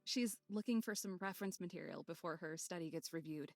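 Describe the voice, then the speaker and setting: A woman voicing a dry, teasing young park ranger with deadpan comebacks while reading a visual novel aloud. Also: fairly low pitch, brisk, lightly acted.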